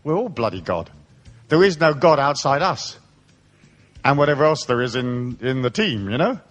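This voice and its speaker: Lively, irreverent male seminar speaker. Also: medium pitch, moderate pace. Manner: irreverent, swears freely, playful storytelling. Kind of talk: live seminar talk. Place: live seminar before an audience.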